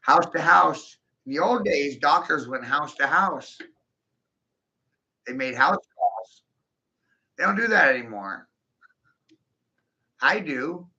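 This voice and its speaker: A man in a profane, aggressive monologue, repeating himself and bursting into shouts. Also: a little high, animated, slow pace, gravelly, long pauses. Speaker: monologuing video host. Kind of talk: ranting monologue to camera. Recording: dull lo-fi recording.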